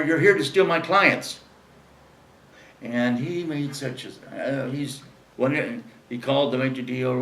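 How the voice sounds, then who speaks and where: This storytelling interview guest meanders through a casual anecdote packed with fillers, performing the quoted voices. His medium-pitched voice has vocal fry and some brightness, with a slight hiss or hum, distant miking and an echoey room.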